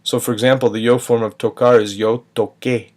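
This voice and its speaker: A man's voice: mid-range voice, level tone, fairly quick. A man teaching a recorded grammar lesson, patiently spelling out verb endings step by step. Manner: patient, spells out endings, sings a short chant. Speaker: Spanish teacher.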